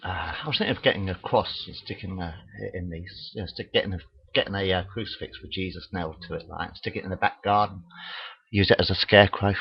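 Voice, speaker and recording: A man's voice: sits low, fast, vocal fry, breathy edge. A man telling crude jokes in a rambling, casual monologue into a webcam, full of "uh" fillers. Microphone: webcam mic. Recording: dull lo-fi webcam audio.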